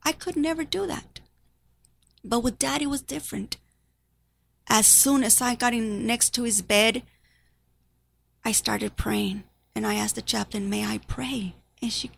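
A woman who is a nurse giving an emotional personal testimony to an audience, halting and sometimes dropping to a near whisper. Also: on the high side, fairly even intonation, gravelly, fairly bright tone. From Spanish-speaking background.

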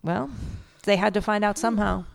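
A woman with a medium-pitched, steady, creaky voice talks briskly while co-hosting a comedy podcast before a live audience. She chats casually, swears freely, and slips into silly voices.

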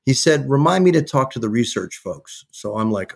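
A middle-aged man at medium pitch, telling a long story in a relaxed podcast chat. He acts out both sides of each quoted exchange with lively energy. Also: normal speed, gravelly, slightly rough. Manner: animated anecdote-telling, acts out quoted dialogue. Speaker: sports television executive, guest. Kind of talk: casual storytelling in a podcast interview.

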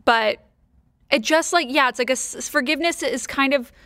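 A woman's voice: high-pitched, moderate pace, fairly bright tone, no echo. Woman host, reflective and encouraging, dry close sound. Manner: affirming and reflective, lots of agreeing murmurs. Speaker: podcast host. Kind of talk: casual interview chat.

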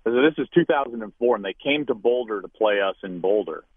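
A man in his thirties, a former college quarterback, telling a story as an interview guest, with lively acted-out quotes. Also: fairly low pitch, brisk, breathy edge, no echo. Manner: animated storyteller, acts out quoted voices loudly. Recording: tinny phone-like line, dry.

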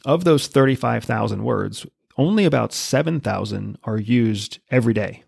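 A man's voice: medium pitch, normal speed, gravelly, a little mellow, breathy edge, dry recording, clean studio sound. A man who is a podcast guest, explaining things confidently in casual interview talk. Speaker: podcast guest, former spy.

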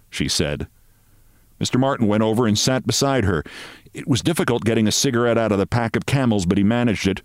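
A man hosting a show, reading a story aloud in a measured, expressive way. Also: lowish voice, no echo, clean studio sound. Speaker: host.

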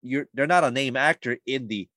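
Man, voice actor guest, casual podcast chat, animated, filler-heavy, mid pitch, dry close sound. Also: normal speed, no room sound. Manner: animated, lively storytelling with many fillers.

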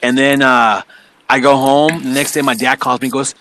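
A man's voice: medium pitch, normal speed, a little hiss or hum. A man, a wrestling promoter, telling stories casually on a podcast, swearing and acting out what people said. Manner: animated storyteller, swears, acts out quotes.

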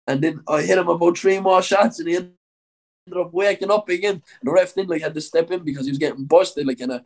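A man's voice: high voice, fast talker, poor audio. A young Irish man, a professional boxer, telling a long story in an interview, rambling with lots of "like" and frequent swearing.

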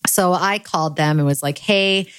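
A young adult woman who is grieving tells a candid, self-deprecating personal story in a casual monologue, laughing at herself. Her voice sits low and unhurried, with slight background noise.

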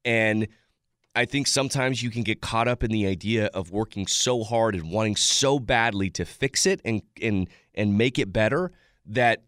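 A man's voice: fairly low pitch, fairly bright tone, no echo, studio quality. A man giving casual sports analysis on a talk show, rambling with frequent restarts and fillers.

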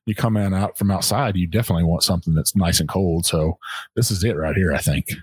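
A very deep-voiced man co-hosts a podcast in a folksy, chatty way that rambles a little. His voice is husky and recorded close and dry. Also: fast talker, darkish tone, no echo. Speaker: podcast co-host. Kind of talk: casual podcast chat.

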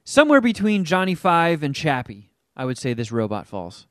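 A man's voice: on the high side, normal speed, no echo, studio quality. A man co-hosting a podcast, telling about a movie in rambling, profane casual chat. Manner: rambling, profane, animated storytelling. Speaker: podcast co-host.

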